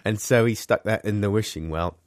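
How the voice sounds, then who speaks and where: A man co-hosting a comedy chat, rambling and self-mocking, quick to laugh. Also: lowish voice, dry recording, studio quality. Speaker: co-host.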